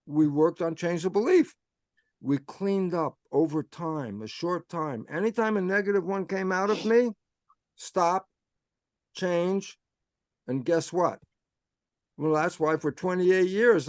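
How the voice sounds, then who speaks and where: An older man with a high, light voice tells a story to an online audience, animated and leaning on repeated phrases for emphasis. The sound is dry and close. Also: no echo. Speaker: guest speaker answering questions. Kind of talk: storytelling talk.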